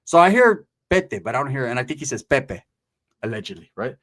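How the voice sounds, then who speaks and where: A man's voice: mid-range voice, big pitch swings, fairly quick, fairly bright tone. A man who hosts the show and tells a story in a casual, profane, rambling way, acting out other people's voices. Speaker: storyteller, host.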